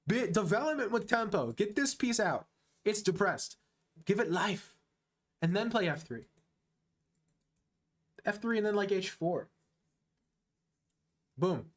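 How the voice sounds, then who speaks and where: A man streaming casual live chess commentary, excitable and slangy, talking straight to the player he is watching. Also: sits high, slow, long pauses.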